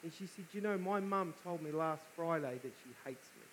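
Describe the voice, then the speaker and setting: Man, New Zealand accent, guest preacher, high voice, casual chatty sermon, light hiss. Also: brisk, a bit bright, poor audio. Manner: casual and chatty, playful banter with the congregation. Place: church service, live before a congregation.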